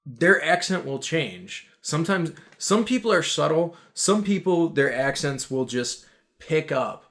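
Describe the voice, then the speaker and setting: A man's voice: on the high side, expressive, a bit bright. Hesitant, nitpicking man co-host. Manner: hesitant restarts, building his point slowly. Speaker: podcast co-host. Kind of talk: casual film review chat.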